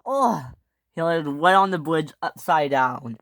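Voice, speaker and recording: A young man, likely a boy, narrating an improvised toy train story, excitable, with frequent restarts and loud screams for the characters. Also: on the high side, a little slow, a little hiss or hum.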